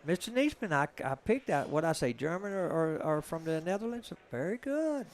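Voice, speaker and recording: Southern US man, rambling folksy commentator, voice a touch high. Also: expressive, brisk. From Georgia, USA. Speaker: pool stream commentator. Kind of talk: casual live-stream chat.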